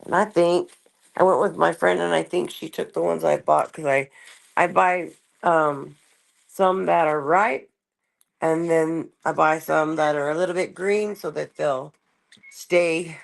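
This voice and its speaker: Woman streamer, unhurried and low-voiced, casual late-night chat at home, drifts off topic. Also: steady tone, creaky. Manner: rambling, talks to her cat in a higher voice. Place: home, kitchen.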